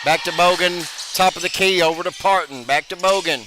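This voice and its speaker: Man, high voice, basketball play-by-play announcer, rapid calls, noisy gym behind. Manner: rapid calls, bursts of excitement on made shots.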